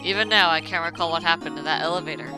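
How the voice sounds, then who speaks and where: A woman reading game lines as a cold, proud young male prosecutor, speaking in a lowered, measured and formal way. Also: lightly acted, low-quality recording. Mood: cool, formal. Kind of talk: reading game dialogue aloud on stream. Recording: music playing behind.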